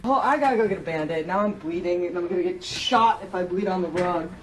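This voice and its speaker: A woman's voice: fairly low pitch, quick pace, slight background noise, close to an everyday voice, poor audio. A woman voicing a flustered young teen boy who sighs and makes excuses, played from a TV show. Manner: flustered, sighing, making excuses. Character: young teen boy greeting a visitor at home.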